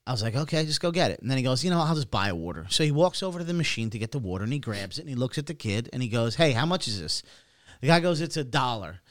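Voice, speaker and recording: A man's voice: medium pitch, big pitch swings, very fast. A man co-hosting a podcast, telling a rambling, profane story in casual chat and acting out the quotes. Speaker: podcast co-host.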